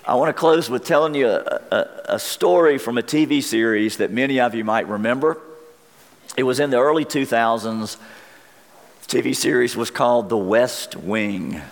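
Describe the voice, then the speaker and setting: A man preaching a sermon as pastor, earnest and deliberate, his voice wearing thin. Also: mid-range voice, big-room sound.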